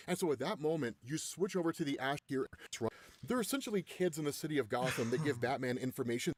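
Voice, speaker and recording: Animated man recapping a comic story. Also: medium pitch, fast talker. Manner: animated, keeps asking "right?". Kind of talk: casual retelling of a comic story.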